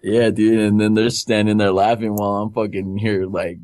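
A man's voice: lowish voice, level tone, normal speed, a little mellow, no room sound. A man in a casual chat, swearing constantly and using slang, with "dude" at the end of almost every line.

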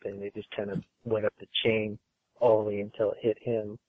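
The guest on this podcast is a man with a fairly low, level voice who speaks fairly quickly, describing his studio job in a loose, easygoing ramble packed with fillers and restarts. The recording is dry and sounds like call audio.

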